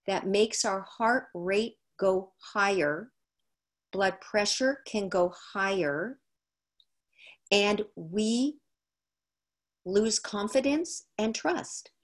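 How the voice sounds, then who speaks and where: A woman talks slowly and deliberately, like a teacher guiding a class through an idea. She repeats her key phrases to drive them home. Her voice sits at an ordinary middle pitch and comes through a video call. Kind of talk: explanatory teaching talk.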